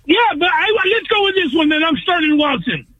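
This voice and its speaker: A man's voice: extremely high pitch, sing-song, fairly quick, crowd noise. A male caller from California on a sports show, talking bluntly and emphatically in a rant. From Orange, California. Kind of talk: phone-in rant. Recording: tinny dry phone line.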